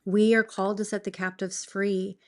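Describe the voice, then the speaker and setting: A woman in her forties tells her faith story as a podcast guest. She talks earnestly and gets emotional, with sudden bursts of enthusiasm, and her voice sits at an ordinary middle pitch. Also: little pitch movement, normal speed. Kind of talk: faith testimony in conversation.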